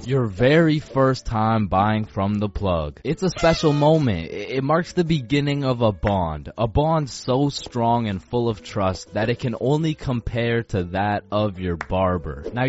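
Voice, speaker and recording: A man's voice: medium pitch, a little mellow. A man with a mid-range voice narrates a comedic storytime in slang, stuttering on restarts and swearing casually. The sound is dull, as from a lo-fi mic. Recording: dull lo-fi recording.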